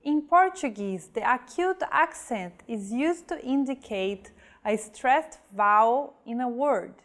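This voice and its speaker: A woman's voice: on the high side, lively intonation, slow pace, a bit bright. A woman teaching a scripted language lesson, carefully reading out example words one by one.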